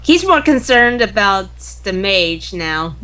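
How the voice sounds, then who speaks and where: A woman playing in a tabletop game, chatty and quick to laugh. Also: medium pitch, big pitch swings, sharp tone. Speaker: player. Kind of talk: casual chat during a tabletop game.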